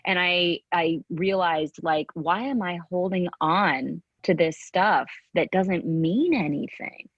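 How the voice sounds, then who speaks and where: A woman's voice: lowish voice, slow pace, hardly any pauses, slightly rough, no room sound, muffled recording. A middle-aged woman in a candid interview, speaking earnestly with many restarts and acting out quotes from her past. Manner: earnest, tumbling restarts, acts out remembered quotes. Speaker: guest.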